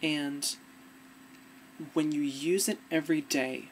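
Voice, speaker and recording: A woman's voice: low-pitched, steady tone, slow, a little hiss or hum. A woman vlogger giving casual, earnest advice to the camera, often trailing off and restarting.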